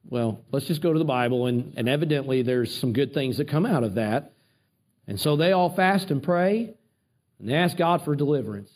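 A man preaching a sermon, retelling a Bible story with animated asides and repeated words. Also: medium pitch, fairly quick.

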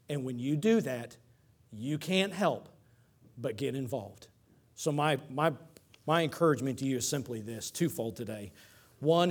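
A man with a Texan accent preaching a sermon, swinging between loud climaxes and soft asides. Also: mid-range voice. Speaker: pastor.

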